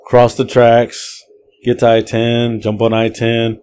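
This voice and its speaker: A man hosting a podcast, casually telling a long, profane story in a rambling, animated way. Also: mid-range voice, slow, clear, resonant tone. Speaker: podcast host.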